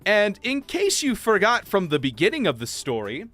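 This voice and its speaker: A young man livestreaming, casually telling a story while gaming, acting out quotes in high voices. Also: wildly swooping pitch, moderate pace, a bit bright, no room sound. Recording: faint game music behind.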